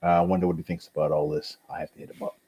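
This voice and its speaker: A man's voice: sits low, rapid-fire, faint music behind. A man co-hosting a podcast in casual sports chat, laid-back and saying "man" often. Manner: laid-back, says "man" a lot, lively intonation. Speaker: podcast co-host.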